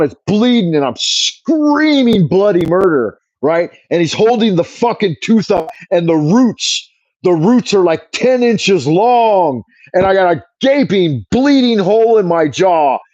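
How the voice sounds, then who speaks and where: A man's voice: high-pitched, a little mellow, dry recording. Profane rambling man on a livestream. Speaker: livestream host. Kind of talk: casual livestream storytelling. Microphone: wireless earbud mic. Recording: dull dry earbud mic sound.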